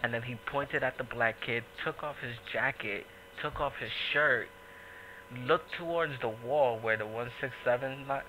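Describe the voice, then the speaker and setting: Bright-voiced New man telling stories. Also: medium pitch, moderate pace, slight background noise, low-quality recording. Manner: profane, animated storytelling with voiced quotes. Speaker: podcast host. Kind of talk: casual podcast chat.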